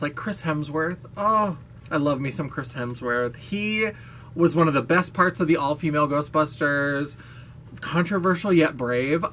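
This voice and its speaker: A woman's voice: low-pitched, fairly bright tone, a little hiss or hum. A woman vlogger talking casually to camera, gushing, playful and frank, with the odd swear word and laugh.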